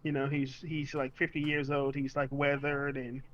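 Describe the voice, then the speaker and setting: A man's voice: mid-range voice, completely flat delivery, moderate pace, lo-fi sound. A man playing a tabletop game, rambling through a character description with lots of fillers. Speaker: player.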